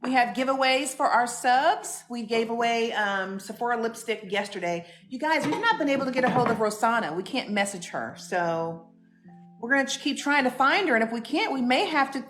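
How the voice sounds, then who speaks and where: A woman's voice: fairly high pitch, expressive, normal speed, fairly bright tone, roomy sound, faint music behind. A woman co-hosting a casual live stream from a home kitchen, chatting and reading out viewers' comments. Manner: chatty, laughing, greets viewers.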